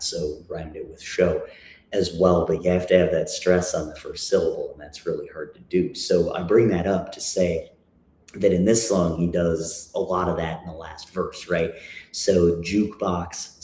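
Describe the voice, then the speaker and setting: A man's voice: low voice, a little mellow, slight background noise. A man in his thirties from Minnesota, chatting casually between songs on his livestream and often stopping on fillers. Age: 30s. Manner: halting, full of "uh" and "you know" fillers. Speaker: musician hosting a livestream. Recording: echoey room with faint guitar.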